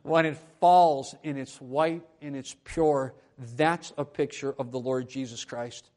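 Delivering his sermon from a church lectern, the pastor shifts between soft conversational remarks and booming, emphatic proclamations. His pitch sits in the middle range, his intonation is fairly even, and he takes his time.

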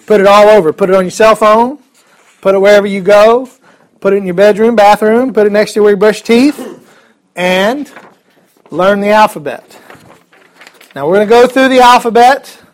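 High-voiced upbeat man teaching a class. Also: normal speed, pauses often. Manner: upbeat, chatty, joking asides. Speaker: Greek teacher. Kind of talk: classroom lesson.

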